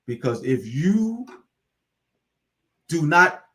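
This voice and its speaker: A man's voice: on the high side, sing-song, extremely slow, bright, forceful tone. A man giving an impassioned, repetitive lecture as a host, talking informally and slipping into dialect. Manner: preachy and repetitive, building in fervor.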